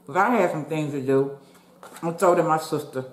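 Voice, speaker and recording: Brief: woman mukbang host, lowish voice, relaxed chat between bites, roomy echo. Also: normal speed. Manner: chatty, talks with mouth full, addresses viewers as y'all. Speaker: mukbang vlogger. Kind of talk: casual chat while eating.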